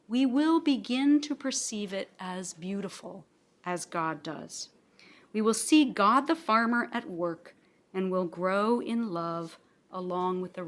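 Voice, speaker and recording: Lively woman giving a seminary lecture. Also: mid-range voice. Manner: animated, rising emphasis and trailing off at phrase ends. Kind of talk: academic lecture with read-aloud quotations. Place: library assembly room.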